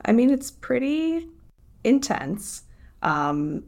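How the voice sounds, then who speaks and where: A woman's voice: on the high side, sing-song, slow, vocal fry, a little mellow. A woman co-hosting a podcast in casual chat, hesitant and full of fillers. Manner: hesitant, lots of fillers and likes. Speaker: podcast co-host.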